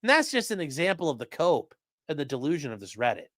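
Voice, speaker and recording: A man's voice: on the high side, big pitch swings, quick pace, fairly bright tone, no echo, clean studio sound. A man doing mocking, sarcastic live-stream commentary while reading chat, swearing often.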